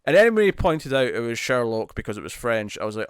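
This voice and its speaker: A man co-hosting a podcast in casual chat, animated and laughing often, restarting sentences as he recaps TV episodes. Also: medium pitch, fast talker, clean tone, dry recording, studio quality. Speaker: podcast co-host.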